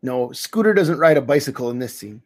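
Husky-voiced man hosting a podcast. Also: medium pitch, lively intonation, a little fast. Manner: leads the talk and poses questions. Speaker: podcast host. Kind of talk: casual podcast chat.

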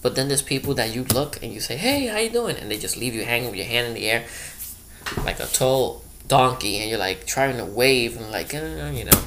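Brief: man, mid-pitched, one-man stand-up chat, meandering delivery, faint hiss behind. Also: a little fast. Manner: rambling, loose, full of "you know" asides. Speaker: comedian. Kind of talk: comedic monologue.

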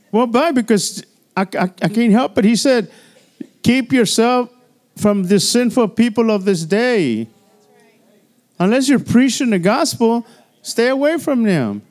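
High-voiced older man preaching. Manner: animated preaching with asides and laughter. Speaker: pastor. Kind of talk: sermon. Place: church.

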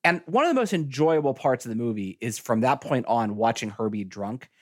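A podcast co-host, this man speaks fairly fast in a mid-range voice, recorded dry with clean studio sound. His casual movie talk is rambling and animated, full of fillers, especially "like."

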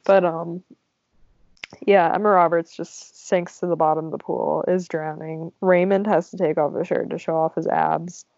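A woman's voice: lowish voice, steady tone, normal speed, vocal fry, a little mellow, dry recording. A young woman co-hosting a casual movie podcast, giggly and saying "like" constantly. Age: young adult. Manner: giggly, heavy on "like". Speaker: podcast co-host. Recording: dry, muffled lo-fi audio.

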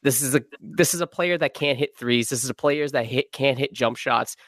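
Male guest analyst, mid pitch, dry close mic, measured and deadpan. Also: no echo. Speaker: guest podcast host. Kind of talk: sports analysis in podcast chat.

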